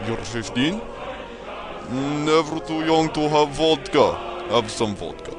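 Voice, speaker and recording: A man's voice: on the high side, takes it slowly. A man doing a boastful fake-Russian champion. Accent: put-on Russian. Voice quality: broken English, deadpan bravado. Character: boastful Russian male Rubik's Cube champion. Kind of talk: comedic radio promo. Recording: music bed behind.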